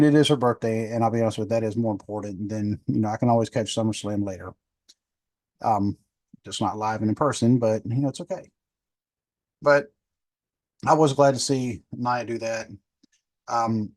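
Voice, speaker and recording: The podcast host, a man in his 50s, has a mid-range voice recorded with no echo. His casual solo review wanders chattily, with plenty of ums and self-corrections.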